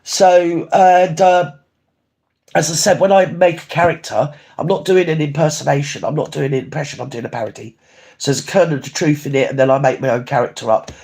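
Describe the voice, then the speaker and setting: A man's voice: a little fast, creaky, a little mellow. A man chatting casually on a livestream, rambling and swearing as he reads out viewer comments. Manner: rambling, swears, swings pitch up and down often. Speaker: livestream host.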